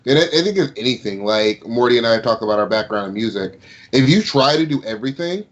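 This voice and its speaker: A man's voice: mid-range voice, lively intonation, fast talker, muffled recording. A man who runs a gaming channel, talking on a casual podcast, opinionated and given to casual swearing. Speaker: YouTube gaming channel host.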